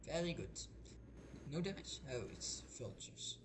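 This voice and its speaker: A man's voice: fairly high pitch, big pitch swings, unhurried. A man and English speaker, chatting casually over gameplay in a rambling, hesitant way full of restarts. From Belgium. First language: not English. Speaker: gaming streamer. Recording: noisy home mic.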